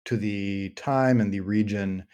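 A man's voice: fairly low pitch, measured pace, a little mellow, clean tone. A man co-hosting a book podcast, playfully mock-defiant, with hesitant restarts. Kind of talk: casual book-club chat.

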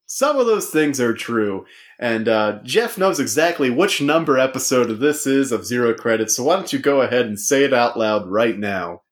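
A man's voice: medium pitch, lively intonation, normal speed. A man hosting a casual comedic podcast, joking around and putting on a sportscaster-style intro voice. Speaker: podcast host. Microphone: remote call recording.

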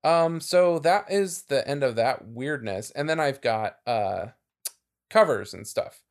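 Gravelly guy on a podcast, chatty, voice bounces around a lot, lots of ums and laughs. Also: medium pitch, animated, slow pace. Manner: chatty, laughing, trailing off with fillers. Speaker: podcast co-host. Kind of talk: casual chat.

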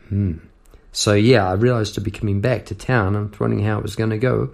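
A middle-aged man talks over his songwriting in a loose, rambling way, full of fillers and asides. His voice sits low with a rough, gravelly fry. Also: brisk, a little mellow. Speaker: podcast host and songwriter. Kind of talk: reflective casual talk.

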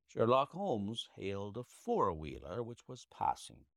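A male narrator reads a classic detective story aloud, slowly and expressively. His voice is fairly low, and his pitch moves in a lively way. The recording is dry and close. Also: dry recording. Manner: measured, expressive reading. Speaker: audiobook narrator. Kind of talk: audiobook narration of classic fiction.

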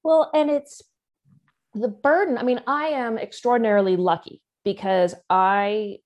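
A woman's voice: a little high, steady tone, unhurried, a little mellow, muffled recording. A woman in her forties, an interview guest speaking candidly and earnestly about her own life, with wry asides. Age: 40s.

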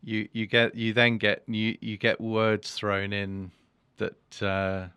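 A man's voice: on the low side, monotone, slow pace, pushed and bright, clear, resonant tone, no room sound. A man being interviewed as an author, talking casually and hesitantly, with many restarts and fillers. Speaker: author and guest.

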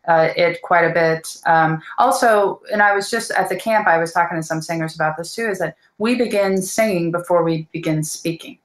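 A woman's voice: fairly low pitch, roomy sound, poor audio. A woman speaking as a voice teacher in a casual interview, earnest and thoughtful, with many fillers.

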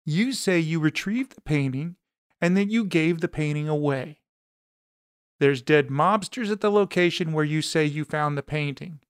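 A man's voice: a little high, moderate pace, clean tone, no room sound, clean studio sound, natural voice. A man voicing a ranting woman boss. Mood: furious. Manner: ranting, sharp-tongued. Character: angry demanding woman insurance boss.

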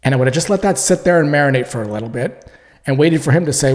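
A man telling a story about a lost deal and giving sales advice in a calm, conversational way. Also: a little high, quick pace, in a large hall.

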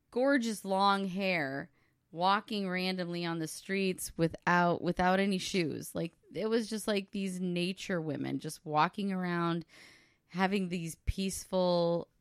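A woman's voice: fairly low pitch, clean tone, no echo, studio quality. Chatty woman co-hosting a podcast. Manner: animated storytelling, quick asides. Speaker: podcast co-host, comedian's wife. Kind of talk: casual chat.

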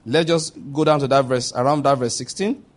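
A male pastor preaching a sermon, emphatic, reading scripture slowly and repeating key phrases. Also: medium pitch.

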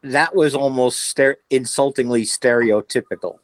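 A man co-hosting a podcast in casual chat, talking in halting, restarting sentences. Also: mid-range voice, no echo, poor audio. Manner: hesitant, restarts and trailing thoughts. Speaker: podcast co-host.

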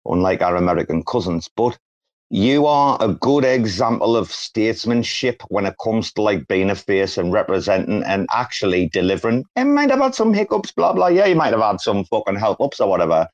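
This British co-host has a lowish voice and talks briskly and with energy in casual banter on an audio chat space. He jokes, teases, and swears a lot. The recording sounds dull and lo-fi.

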